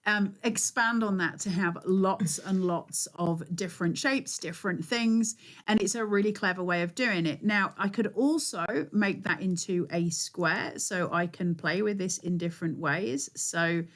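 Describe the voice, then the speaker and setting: Lower-voiced northern English woman demonstrating crafts. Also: unhurried. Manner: explanatory, hands-on, chatty.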